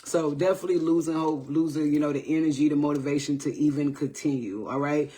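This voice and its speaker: A man's voice: on the high side, fairly even intonation, quick pace, warm tone. A man giving a casual live tarot reading, chatty and repetitive, often checking in with viewers. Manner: loose, repetitive, greets viewers by name, says "all right?" often. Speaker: tarot reader on a livestream.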